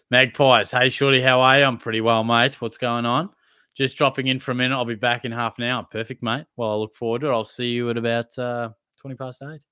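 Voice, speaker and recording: A man's voice: medium pitch, steady tone, brisk, pushed and bright, clean tone, no echo, clean studio sound. A young man hosting a casual live Q&A, reading out viewers' questions and answering them in a laid-back, matey way. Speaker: livestream host answering chat questions.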